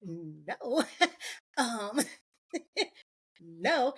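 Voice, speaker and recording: Animated woman who laughs between points. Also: fairly high pitch, a little slow. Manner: animated, laughs often, acts out quoted voices. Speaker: podcast guest. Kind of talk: candid podcast conversation.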